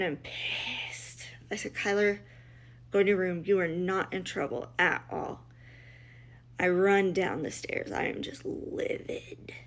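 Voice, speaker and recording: Middle-aged mother, personal storytelling, blunt and emotional, mid-pitched voice, restarts often. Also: fairly bright tone. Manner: emotional, blunt, quotes others in dialogue, many restarts. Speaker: mother telling her family's story.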